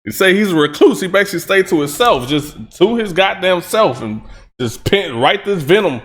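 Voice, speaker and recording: Excitable high-pitched male reaction host. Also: moderate pace. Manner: excitable, breaks down lyrics line by line, hype shouts. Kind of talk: casual reaction commentary.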